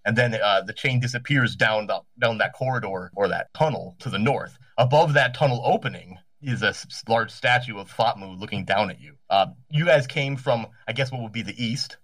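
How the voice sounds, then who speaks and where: A man's voice: fairly low pitch, fairly quick, hardly any pauses, fairly bright tone, no room sound, distant mic. Rambling man running a tabletop game. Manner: rambling, self-correcting, laughs often. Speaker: game master.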